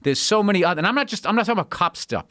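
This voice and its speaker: Animated, swearing man ranting in a dry studio. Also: sits high, very fast, no echo. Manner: animated profane ranting, mocking voices. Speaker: comedian guest. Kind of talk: casual podcast chat.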